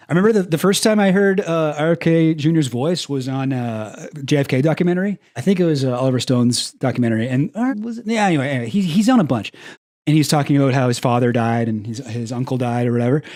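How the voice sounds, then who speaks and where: Young guy streaming, sarcastic rambling commentary, slightly higher voice. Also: a little mellow. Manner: sarcastic, rambling, laughs at own jokes. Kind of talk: casual commentary.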